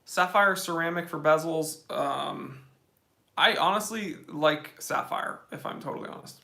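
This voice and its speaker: A man's voice: a little high, a little slow, vocal fry, bright, forceful tone. A young man hosting a casual live-stream Q&A from his phone, giving blunt, opinionated answers in slangy talk. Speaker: watch channel host.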